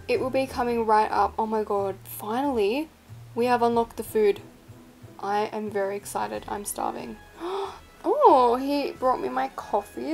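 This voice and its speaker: A young woman with a slightly high, somewhat mellow voice chats through a game in a playful, self-mocking way, with faint music in the background. She's a gaming vlogger doing casual gameplay commentary.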